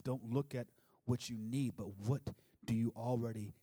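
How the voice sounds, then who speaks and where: A man preaching a sermon with emphasis, swinging from loud declarations to soft, low asides and calling on the congregation to answer aloud. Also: steady tone, moderate pace, breathy edge. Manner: urges the congregation to respond aloud.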